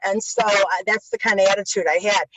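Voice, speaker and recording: A woman guest on an interview, telling stories in a casual, animated way and acting out quotes with lots of swearing. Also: mid-range voice, brisk, no room sound. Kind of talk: casual storytelling. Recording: dull lo-fi sound.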